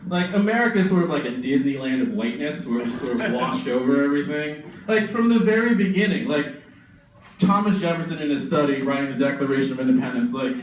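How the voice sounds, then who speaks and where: A man's voice: medium pitch, animated, fast talker, slight background noise. Sardonic young man on a distant echoey mic. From suburban Massachusetts. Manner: sardonic, profane, rambling riffs. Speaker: stand-up comedian. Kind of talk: stand-up comedy set. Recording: very echoey room, distant mic, faint ambience.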